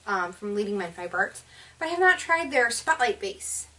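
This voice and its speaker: A woman's voice: medium pitch, normal speed, sharp tone, recorded from a distance. A woman hosting a casual knitting vlog, chatty and enthusiastic but tired and yawning, rambling with many fillers. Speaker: knitting podcast host.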